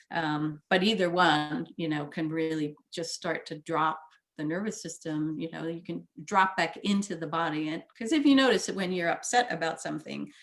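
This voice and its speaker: Gentle soothing woman therapist. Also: sits low. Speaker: therapist guest. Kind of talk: casual conversation.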